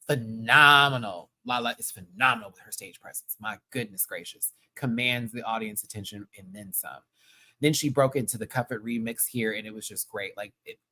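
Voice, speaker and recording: A man hosting his own channel, chatting casually through a recap of a live show, slangy and gushing, with sudden high excited exclamations. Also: normal speed. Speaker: channel host.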